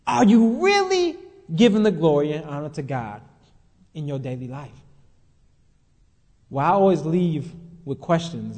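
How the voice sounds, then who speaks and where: A man preaching to a congregation in a voice pitched well above most men's. He builds his points by repeating phrases and firing questions at the room. His words trail off into a long church-hall reverb. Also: darkish tone. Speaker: pastor. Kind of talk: sermon.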